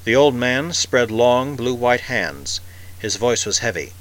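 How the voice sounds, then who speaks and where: Male narrator, scripted audiobook reading, measured and vivid, bright tone. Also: mid-range voice, lively intonation, rough recording.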